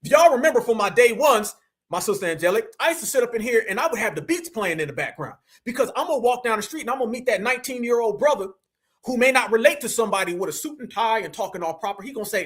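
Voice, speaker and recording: A man's voice: sits high, animated, fast talker, a bit bright. An American man hosting a livestream, speaking as an activist in a preachy, rallying monologue that keeps calling his viewers family. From United States. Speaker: host and activist.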